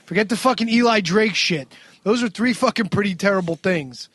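A man with a very high voice tears through a recap, swearing constantly. He gets excited and loud as he acts out what people said. The talk is casual and fast-moving. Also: husky, dry recording. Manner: profane, excitable, acts out quotes loudly. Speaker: podcast co-host recapping wrestling. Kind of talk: casual chat.

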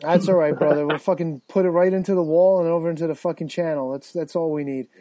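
A man hosting a casual podcast, swearing freely and rambling excitedly while reading out listener comments. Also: fairly high pitch, quick pace, dry recording. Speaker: podcast host. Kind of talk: casual chat.

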